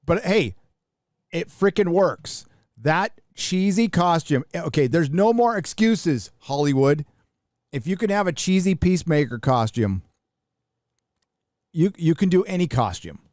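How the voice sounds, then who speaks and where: A man's voice: fairly high pitch, animated, a little slow, a little mellow, dry recording, clean studio sound. A middle-aged man from the United States hosting a live show, talking bluntly and casually with profanity and frequent restarts. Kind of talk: casual livestream commentary.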